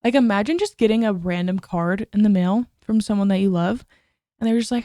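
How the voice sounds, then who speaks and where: A woman's voice: mid-range voice, brisk, mellow, no room sound, studio quality. Bubbly gushing woman podcaster. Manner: bubbly, gushing, chatty with frequent "like" and "oh my gosh". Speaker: podcast host. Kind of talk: casual chat.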